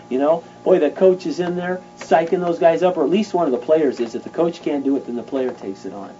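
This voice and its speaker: A man's voice: fairly high pitch, fairly quick, few pauses, dark tone, highs cut off, faint music behind. A man preaching an informal sermon in a fervent, conversational way, acting out stories.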